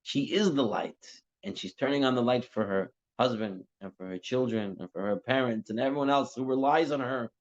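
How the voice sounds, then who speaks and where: A man teaching a religious class, telling a parable with lively, acted-out dialogue before drawing the lesson. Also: medium pitch, fairly quick, hardly any pauses. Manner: animated storytelling, acting out characters' lines. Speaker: teacher giving a Torah class. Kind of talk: storytelling sermon. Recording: dull lo-fi class recording.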